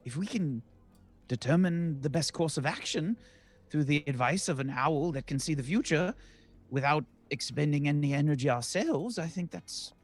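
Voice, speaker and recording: A man voicing a polite, formal adventurer who speaks in a measured, persuasive way. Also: a little high, animated. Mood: earnest.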